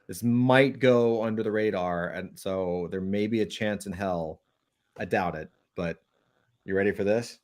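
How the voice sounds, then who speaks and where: A man co-hosting a casual chat show, talking excitedly and rambling with many fillers. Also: on the low side, unhurried. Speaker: podcast co-host.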